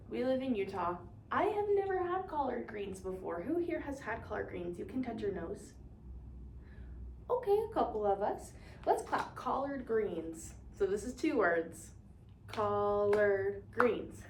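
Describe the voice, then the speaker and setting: In an echoey room with a far-off mic and slight background noise, a young adult woman leads an upbeat call-and-response as a cheerful teacher. It's a demonstration lesson for an imagined class, delivered encouragingly in a mid-range, slightly mellow voice.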